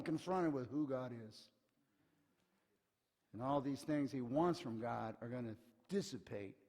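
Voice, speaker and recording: Pastor preaching in a reverberant sanctuary. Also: male voice, on the high side, gravelly. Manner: lively storyteller who acts out quotes, often dropping to a hushed tone for emphasis. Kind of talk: sermon. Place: church sanctuary. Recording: long hall reverb.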